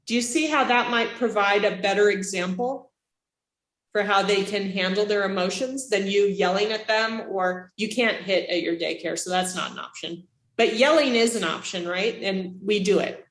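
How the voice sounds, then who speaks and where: A woman instructor giving a casual classroom lecture, chatty and animated, asking her students questions. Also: medium pitch, normal speed. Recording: echoey room.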